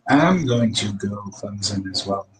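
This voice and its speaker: A man's voice: fairly low pitch, animated, unhurried, a bit bright, slight background noise, low-quality recording. Rambling, profane man on a sports podcast. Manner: chatty and profane, rambling with fillers. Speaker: podcast panelist. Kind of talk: casual sports podcast chat.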